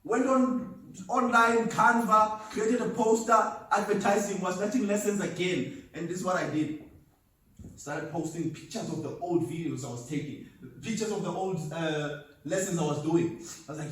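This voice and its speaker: Guy telling his story at a seminar, high animated voice, super echoey hall, mic far off. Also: normal speed, a little hiss or hum. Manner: storytelling, emphatic, laughs at himself. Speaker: motivational speaker. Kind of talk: seminar talk. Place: seminar venue.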